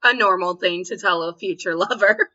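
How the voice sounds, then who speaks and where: A woman's voice: medium pitch, normal speed, sharp tone, muffled recording. A woman co-hosting a podcast, telling bawdy stories with giggles and acted-out quotes. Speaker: podcast co-host. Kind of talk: candid storytelling chat.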